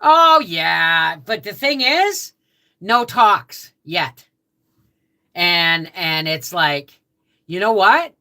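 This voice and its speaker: A woman's voice: on the low side, lively intonation, very slow, sharp tone. A Canadian woman hosting a casual homestead livestream, greeting viewers by name in a chatty way, just out of bed. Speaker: livestream host.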